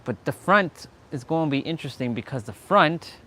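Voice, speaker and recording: A man's voice: a little high, expressive, normal speed, bright, forceful tone. A man with a Southern American accent chatting casually on a live stream, playful and rambling, answering his viewers and laughing often.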